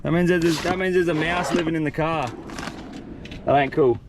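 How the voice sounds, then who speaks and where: A man's voice: on the high side, steady tone, normal speed. A young Australian man chatting casually to camera in laid-back slang by a windy roadside. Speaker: outdoor vlogger. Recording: outdoor wind and passing traffic noise.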